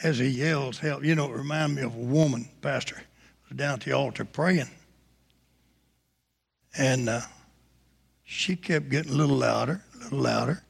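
A male preacher delivering a storytelling sermon with animated delivery and bursts of shouting. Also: mid-range voice, normal speed, gravelly, long pauses, husky. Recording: reverberant hall.

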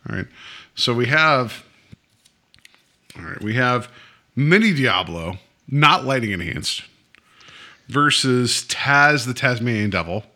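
A man hosting a podcast, telling a story in animated, playful casual chat. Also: medium pitch, slow pace, pauses often. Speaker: podcast host.

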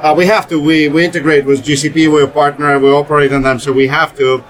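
A man's voice: fairly high pitch, level tone, fast, low-quality recording. A man co-hosting a casual podcast chat from a booth at a conference, talkative and repeating words as he gets going. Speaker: podcast co-host.

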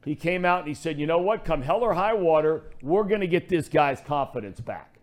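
A man's voice: a little high, expressive, fairly quick. A middle-aged man hosting a sports talk radio show, ranting in a fired-up way.

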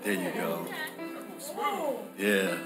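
His deep voice barely moves in pitch, and he draws out his words over music. The speaker is a male preacher in his thirties or forties, joking through a lively call-and-response sermon with a congregation in a church hall.

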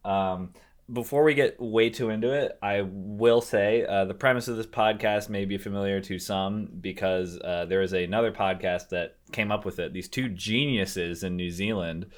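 Laid-back male podcast co-host, lowish voice, loose rambling delivery, casual swearing. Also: normal speed. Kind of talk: casual chat.

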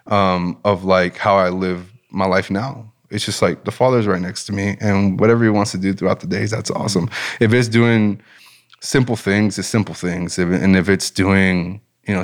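A lower-pitched man speaks in a casual interview, telling his story with growing enthusiasm. He sounds relaxed and heartfelt, rising in pitch as he gets excited. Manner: animated, enthusiastic storyteller, relaxed and faith-centered. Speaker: business owner and guest.

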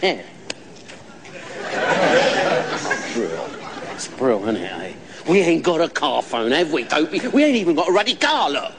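An actor playing a brash, chuckling wheeler-dealer in a TV sitcom. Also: male voice, fairly high pitch, sing-song, brisk, some chatter behind. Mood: scoffing. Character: cocky middle-aged London wheeler-dealer man. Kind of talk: TV sitcom acting. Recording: TV sitcom with loud audience laughter and noise. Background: studio audience laughter.

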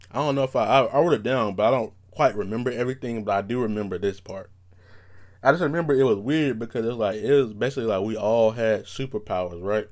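A man hosting a podcast on his own, telling rambling stories in casual slang, his voice not yet warmed up from waking. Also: fairly low pitch. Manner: rambling, animated storytelling with slang and restarts. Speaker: podcast host. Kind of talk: casual solo podcast monologue.

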